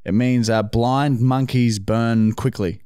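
A man's voice: medium pitch, fairly even intonation, slow, dark tone, smooth, no echo, studio quality. A man hosting a comedy podcast, crude and joking as he runs a game. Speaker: podcast host. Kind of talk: casual comedy podcast banter.

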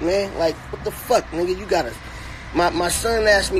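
Sitting in his car, a comedic commentator with a high voice fires off a foul-mouthed, mocking rant at normal speed. He's animated and repetitive, and a little background noise comes through.

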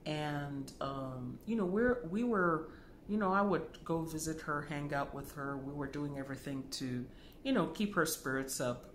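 A man's voice: a little high, measured pace, a bit bright, a little hiss or hum. Man telling a story in an echoey room. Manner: conversational, many fillers and asides, acts out quoted voices. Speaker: dream interpretation teacher. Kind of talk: storytelling lesson to camera.

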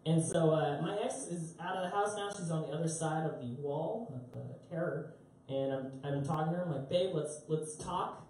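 A young man performs stand-up in a club, rambling and poking fun at himself with plenty of filler words. His voice is mellow and dark. The sound is very echoey and picked up from some distance, with faint room noise behind. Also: on the high side, moderate pace. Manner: rambling, self-mocking storytelling with many fillers. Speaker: stand-up comedian. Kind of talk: live stand-up comedy. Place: concert club stage.

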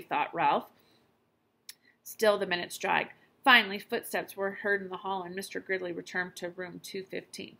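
Bright-voiced woman reading a storybook. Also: on the low side, moderate pace. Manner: clear, expressive storytelling. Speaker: teacher. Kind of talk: reading a children's book aloud.

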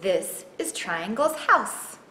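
Slow, expressive woman reading to kids. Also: medium pitch. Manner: slow, expressive storytelling asking children questions. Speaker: children's librarian. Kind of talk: picture-book read-aloud. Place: library. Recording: echoey room, faint background noise.

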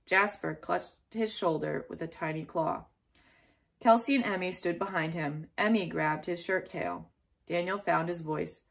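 A woman reading a children's chapter book aloud in a clear, steady storytelling way. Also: on the low side, a little slow.

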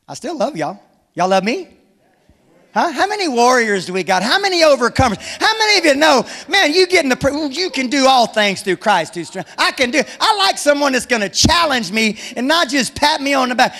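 High-voiced pastor preaching. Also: male voice, in a large hall. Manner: animated, humorous, exhorting. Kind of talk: sermon.

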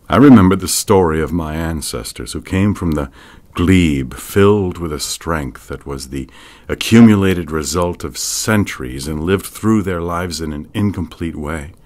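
A man narrating an audiobook in a measured, deliberate reading. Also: extremely low pitch. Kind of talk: scripted narration.

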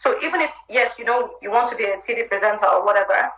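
A woman's voice: fairly high pitch, quick pace, a bit bright, slight background noise. A woman with an American accent, the guest in a live chat interview, giving candid, chatty career advice. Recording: roomy live stream audio.

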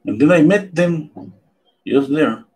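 A man's voice: fairly high pitch, lively intonation, slow pace, darkish tone. A man in his fifties, a painting instructor, telling a casual anecdote in a rambling way with many restarts and self-corrections.

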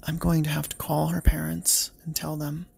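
Man reading a worried woman teacher: flat, slow, gravelly. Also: on the high side, heavily acted. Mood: concerned. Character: worried female kindergarten teacher.

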